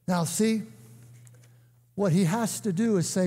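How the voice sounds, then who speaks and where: An older man preaching a sermon, emphatic, breaking into shouts and calling on the congregation to answer. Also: sits high, a little slow, long pauses. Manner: emphatic, bursts into shouts and calls for response. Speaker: guest preacher. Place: church sanctuary. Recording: echoey church hall.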